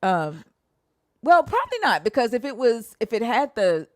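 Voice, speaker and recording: A woman's voice: on the high side, big pitch swings, normal speed, no echo, studio quality. A young woman hosting a casual chat, hesitant and trailing off as she sounds out words, swearing now and then. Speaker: podcast host. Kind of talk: casual chat about Hebrew translation.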